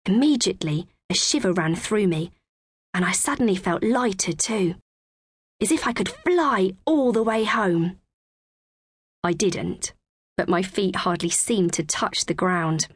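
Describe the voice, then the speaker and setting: Woman, children's audiobook narrator, expressive, measured, mid-range voice, dry studio sound. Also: medium pitch, no echo. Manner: clear, expressive, measured reading.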